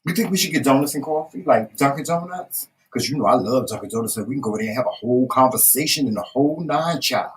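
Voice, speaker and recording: A woman's voice: very deep voice, expressive, fast talker, hardly any pauses, far from the mic, poor audio. A woman with a Southern American accent, co-hosting a casual chat, telling stories emphatically with salty, folksy asides. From Southern United States. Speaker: co-host.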